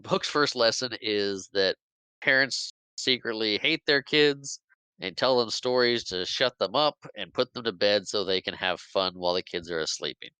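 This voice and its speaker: Deep, bright-voiced man recapping a movie. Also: moderate pace, clean tone, dry recording, poor audio. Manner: animated retelling, acting out characters' lines with laughs. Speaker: podcast host. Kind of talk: casual movie recap chat.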